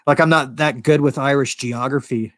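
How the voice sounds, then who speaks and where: Profane, rambling American podcast host. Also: male voice, mid-range voice, fairly even intonation, moderate pace, no room sound, studio quality. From United States. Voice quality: profane, rambling, laughs often. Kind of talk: casual livestream chat.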